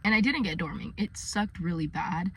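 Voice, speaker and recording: A woman's voice: lowish voice, normal speed, husky. Young adult woman, earnest, filler-heavy vlogger, recorded inside her car. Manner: chatty, earnest, many fillers. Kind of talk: casual faith vlog.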